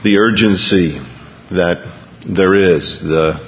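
On a dull lo-fi recording with long hall reverb and a little hiss or hum, a low-pitched male pastor preaches slowly and conversationally. He reads a news item aloud, restarting his sentences along the way.

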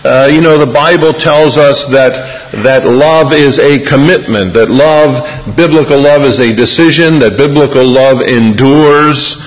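A man preaching a sermon as pastor, speaking in an earnest, measured way with deliberate pauses. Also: medium pitch. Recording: reverberant hall.

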